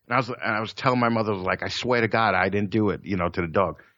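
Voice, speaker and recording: A man's voice: fairly low pitch, fast, a bit bright, dry recording. A man tells rambling, profane stories in easy conversation, often stammering and starting over. The recording is dull and lo-fi with a dry sound. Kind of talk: casual chat.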